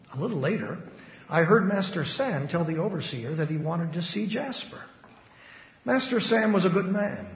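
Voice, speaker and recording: A man preaching a first-person testimony in a dramatic recitation style, emphatic, swinging between loud and hushed. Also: fairly high pitch, a little hiss or hum. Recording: echoey hall, dull lo-fi sound.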